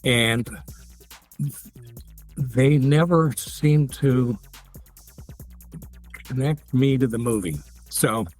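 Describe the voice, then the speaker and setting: A man's voice: mid-range voice, drawn-out words, long pauses, soft background music. A man in his seventies, a guest actor in a casual interview, rambling through stories with many restarts and fillers. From United States. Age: 70s.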